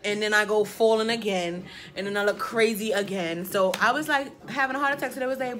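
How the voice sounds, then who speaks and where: A woman in her twenties telling a personal story casually, with dramatic, animated delivery and lots of filler phrases. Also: fairly high pitch, brisk, hardly any pauses. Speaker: vlogger.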